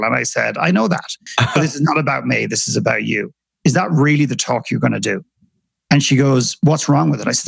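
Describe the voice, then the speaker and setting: A man's voice: medium pitch, dry recording, low-quality recording. A man from Ireland, a podcast guest, telling stories earnestly and often repeating words as he thinks. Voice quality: gravelly, husky. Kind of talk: reflective storytelling in conversation.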